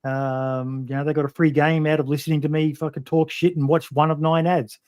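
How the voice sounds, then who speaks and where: A man's voice: fairly high pitch, level tone, brisk, a little mellow, clear, resonant tone, dry recording. Aussie podcast host guy, blunt and sweary, lots of ums, dry close mic. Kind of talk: casual interview chat.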